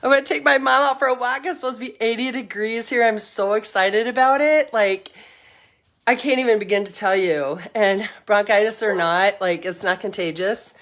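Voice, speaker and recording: Strolling around her home and yard, a middle-aged livestream host chats in a slightly bright voice on the high side, at normal speed. Her casual talk is upbeat and rambling, and she sounds a little out of breath.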